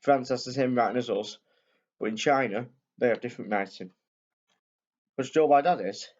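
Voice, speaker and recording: A man reads a children's picture book aloud in a loose, chatty way, wandering off into asides and correcting himself as he goes. His voice sits at an ordinary middle pitch. The recording sounds a little muffled and lo-fi. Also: moderate pace, a little mellow. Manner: rambling, chatty, frequent self-corrections. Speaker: storyteller and video host.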